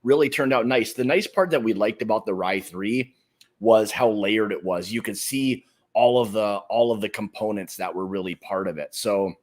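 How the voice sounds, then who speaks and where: A man's voice: lowish voice, normal speed, a little mellow. A man hosting a whiskey club livestream in a casual, easygoing chat, greeting viewers by name and talking with plenty of fillers.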